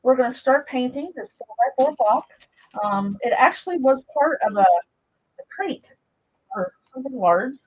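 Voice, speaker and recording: A woman's voice: sits high, animated, a little slow, breathy edge. A middle-aged woman hosting a live craft stream, chatting casually and rambling as she works, greeting viewers by name, recorded through a camera mic as she moves around a table in a home craft room. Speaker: craft livestream host. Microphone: camera mic while moving around a table. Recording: dull lo-fi live stream audio.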